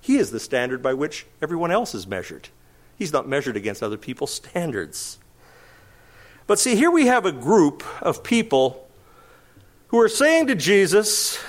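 A man's voice: high-pitched, big pitch swings, a little slow. A man preaching a sermon, asking rhetorical questions and chuckling now and then. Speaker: pastor.

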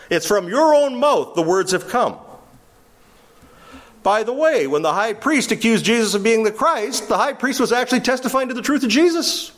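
A man preaching an expository sermon, animated and wry, with sarcastic asides and quotes acted out. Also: very high voice, normal speed. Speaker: pastor.

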